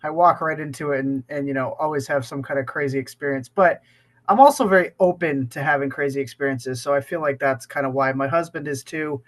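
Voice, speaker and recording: A talkative man co-hosting a podcast, his voice sitting a little high. He is sick with a cough and rambles in easy conversation, restarting his thoughts as he goes. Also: fairly quick, fairly bright tone. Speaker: podcast co-host. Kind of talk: casual podcast chat.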